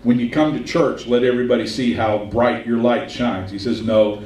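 Male pastor, folksy sermon delivery, drawn-out emphasis, distant mic in a reverberant sanctuary. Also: mid-range voice, fairly even intonation, darkish tone. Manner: folksy storytelling, slows for emphasis. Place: church sanctuary. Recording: roomy church sound from a distance.

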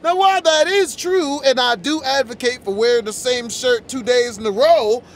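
A man's voice: extremely high pitch, fairly bright tone, a little hiss or hum. A young man hosting a casual vlog from a car, joking and teasing his friends. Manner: joking, teasing, quick comebacks. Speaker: vlogger host.

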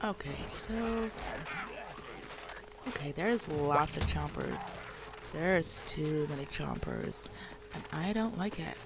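A woman's voice: sits low, big pitch swings, takes it slowly, gravelly, pauses often, background noise. A woman streaming a video game, talking to herself as she plays and breaking into panicked shrieks when attacked. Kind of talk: live gameplay commentary.

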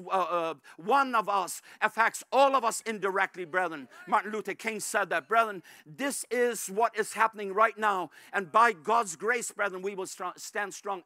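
Fervent high-voiced male pastor preaching. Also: no echo. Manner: fervent, repeatedly calls out "brethren"; rises to shouts at climaxes. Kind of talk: sermon.

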